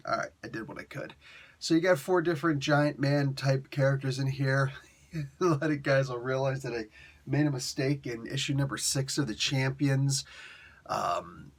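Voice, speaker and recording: A man talks through a comic book review in a loose, rambling way, chuckling often and stopping to correct himself. His voice sits at an ordinary middle pitch. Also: normal speed. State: in pain. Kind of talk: casual spoken review.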